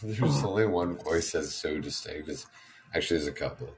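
Very deep male voice, profane grumbler, cheap mic, faint noise. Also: normal speed. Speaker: voice chat participant. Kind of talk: casual group chat. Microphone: cheap online voice chat mic.

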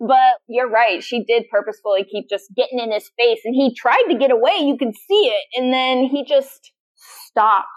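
Podcast co-host, woman, higher voice, animated recapper who acts out the quotes. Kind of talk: casual chat.

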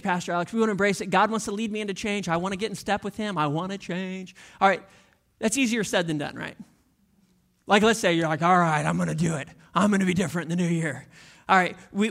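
A pastor giving a sermon in a church, speaking casually to the congregation and acting out listeners in quick asides. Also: medium pitch, a bit bright. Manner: casual, conversational preaching to the congregation.

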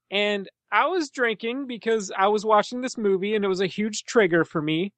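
A man's voice: high-pitched, animated, moderate pace, fairly bright tone, no echo. A young man co-hosting a podcast, chatting casually about a film, laughing often and swearing freely. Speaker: podcast co-host. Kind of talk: casual film-discussion chat.

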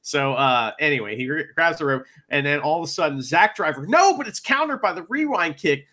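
A man co-hosting a podcast, recapping wrestling matches in casual chat, excitable and swearing freely. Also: fairly high pitch, a little fast, hardly any pauses. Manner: excitable, swears a lot, plays out wrestlers' shouts. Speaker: podcast co-host.

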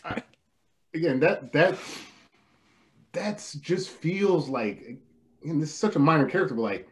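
A man's voice: on the high side, expressive, unhurried. A man co-hosting a casual film discussion podcast, talking in a loose, rambling, hesitant way. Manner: rambling, hesitant, many fillers and restarts. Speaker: podcast co-host.

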